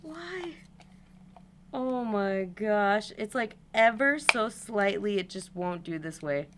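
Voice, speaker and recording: A doll hobby vlogger restrings a doll during a casual livestream, narrating step by step and occasionally blurting out frustration. The young woman speaks slowly in a mid-range voice against a noisy background.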